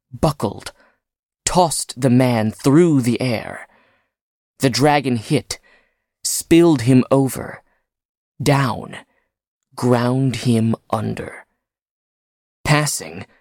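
A man reading a story aloud in dramatic narration, phrase by phrase with pauses. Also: medium pitch, darkish tone, dry recording, clean studio sound.

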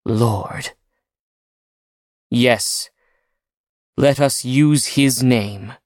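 Two tense knights in armor, voiced by a man reading, hushed and terse. Slow, close and very dry. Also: mid-range voice, dry recording.

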